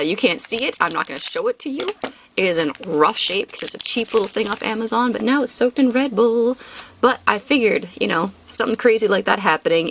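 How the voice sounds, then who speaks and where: A young woman chatting casually in her apartment while opening card packs, rambling and jumping up in pitch when she names each card. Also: gravelly, fairly bright tone, a little hiss or hum. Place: her apartment room, sitting on the floor.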